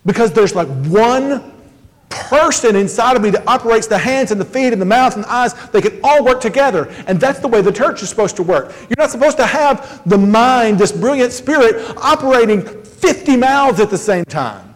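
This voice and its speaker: Quick asides and jokes mark this conversational sermon from a male pastor whose very high, expressive voice rings out with long hall reverb in the church sanctuary.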